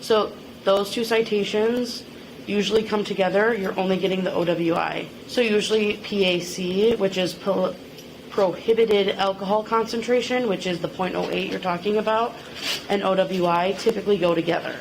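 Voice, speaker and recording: A female police officer calmly explaining procedures and charges. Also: medium pitch, normal speed, a little hiss or hum, poor audio. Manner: calm, procedural.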